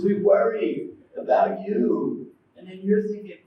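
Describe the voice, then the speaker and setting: With a high-sitting voice and measured pace, a U.S. preacher delivers a devotional lecture in a temple hall, telling stories, acting out quotes, and questioning listeners. The audio has cut-off highs, slight background noise, and a distant mic in a very echoey room.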